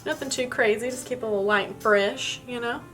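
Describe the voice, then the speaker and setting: A young woman chats her way through a makeup tutorial, telling a wild story with lots of fillers and asides. Her voice sits a little high and sounds bright and sharp. Soft music plays faintly behind her. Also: quick pace. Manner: chatty, filler-heavy, animated storytelling. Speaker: beauty vlogger.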